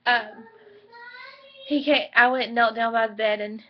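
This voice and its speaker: Young woman vlogging at home, chatty and emotional, kinda high voice, dull lo-fi camera sound. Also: fairly even intonation, measured pace. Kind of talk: casual pregnancy vlog chat. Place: home bedroom. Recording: dull lo-fi home video audio.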